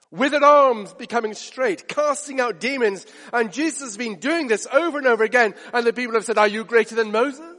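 Male preacher, high voice, emphatic and repetitive, long hall reverb. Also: a bit bright. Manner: emphatic, builds stakes with repetition and rhetorical questions. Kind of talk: sermon.

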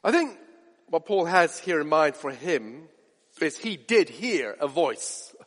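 A male preacher with a high, lively voice swings his pitch up and down as he preaches. He talks in an animated way and acts out the voices he quotes. His voice rings with a long reverb in a church hall. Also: slow pace. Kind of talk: sermon.

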